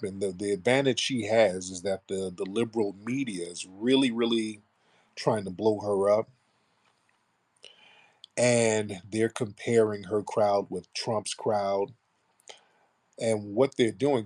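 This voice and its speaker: A man's voice: on the low side, a little mellow, husky. A man hosting a live political commentary show, blunt and mocking, with rambling asides. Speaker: radio show host.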